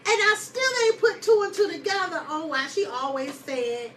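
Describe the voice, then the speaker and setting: A woman host casually telling a personal story to her listeners, lively and chatty, often laughing and calling them y'all. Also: sits high, normal speed, far from the mic, slight background noise, rough recording.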